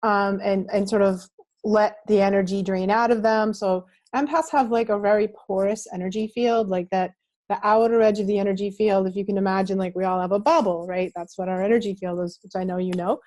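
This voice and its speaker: A woman's voice: medium pitch, fairly even intonation, brisk, a little mellow. Earnest woman explaining with vivid images. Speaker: guest, reiki teacher. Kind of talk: explanatory interview talk.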